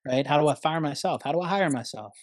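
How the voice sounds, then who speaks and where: A man's voice: on the high side, expressive, fast, dry recording, studio quality. A man speaking as a therapist guest on a podcast, earnest and emphatic, often calling the listener "man". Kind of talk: conversational podcast interview.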